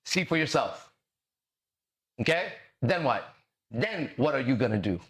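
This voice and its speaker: A man's voice: mid-range voice, sing-song, measured pace. A man hosting a podcast as a mindset and relationship coach, talking in a brash, swaggering, profane monologue full of rhetorical questions.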